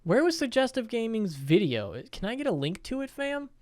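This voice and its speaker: High-voiced man in profane reaction banter. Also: sing-song, moderate pace, darkish tone, a little hiss or hum. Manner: blunt, profane, laughing and exclaiming. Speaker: gaming YouTuber reacting to a video. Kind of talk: casual reaction commentary.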